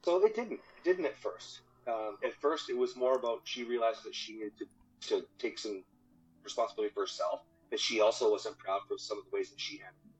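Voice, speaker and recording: A man's voice: fairly low pitch, fairly quick. A man guest in an interview, talking casually and with energy, swearing freely and repeating words, about marriage. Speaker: podcast guest, marriage coach. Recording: dull lo-fi audio with faint music.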